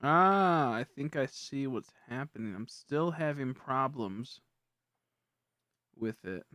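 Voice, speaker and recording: A man's voice: medium pitch, animated, slow, pushed and bright, dry recording, studio quality. Casual, rambling young male streamer. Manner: rambling, self-correcting, easily frustrated. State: hiccups. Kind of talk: casual live-stream chat.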